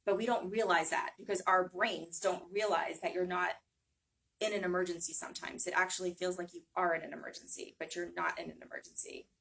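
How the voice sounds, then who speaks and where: A woman's voice: on the low side, fairly even intonation, brisk, vocal fry, a bit bright. A woman giving a casual talk to a small audience, chatty, with many fillers and frequent "right?". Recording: voice from some distance.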